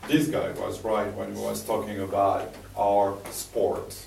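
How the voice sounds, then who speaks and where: A man with a French accent giving a live talk to an audience in a library room, telling stories with halting restarts and fillers. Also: fairly low pitch, little pitch movement, vocal fry, darkish tone, slight background noise. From France. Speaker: speaker giving a presentation. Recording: roomy distant live recording.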